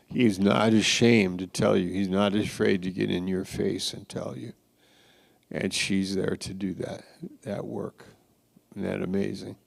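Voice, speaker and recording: A man delivers a sermon with a low, gravelly voice. He speaks slowly and deliberately, swinging from loud exclamations to hushed asides. It sounds like a church pulpit. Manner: dramatic, shifts from loud exclaims to quiet asides. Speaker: pastor.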